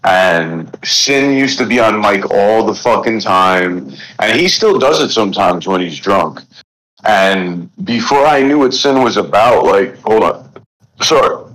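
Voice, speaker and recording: A man from the Bronx with a New York accent, a podcast guest, who talks in a rambling, profane way with many restarts while high. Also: lively intonation, a little slow, fairly bright tone, low-quality recording. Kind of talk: casual chat.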